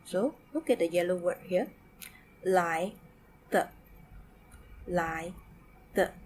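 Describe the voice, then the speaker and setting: A woman's voice: fairly low pitch, lively intonation, takes it slowly, darkish tone, a little hiss or hum. A woman from Malaysia with a Malaysian English accent, teaching a Mandarin lesson. She mixes English, Malay and Mandarin and says "okay" again and again. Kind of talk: recorded online lesson.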